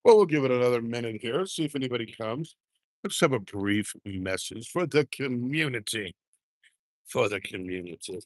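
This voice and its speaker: A man hosts a casual livestream from a handheld gimbal camera rig, chatting in a folksy drawl. His medium-pitched voice is animated at a normal speed, with no room sound.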